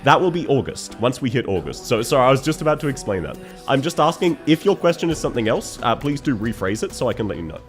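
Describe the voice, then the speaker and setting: A young Australian man chats casually on a live stream, talking fast with few pauses in a very animated, medium-pitched voice. He's emotional, laughing between words and often thanking his viewers in chat, with faint music playing behind him.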